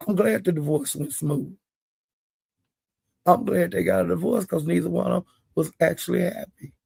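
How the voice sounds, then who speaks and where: A man's voice: sits high, creaky, darkish tone, breathy edge, no echo. An older man giving blunt, profane commentary in casual chat. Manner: blunt, profane, plain-spoken. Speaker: live-stream commentator.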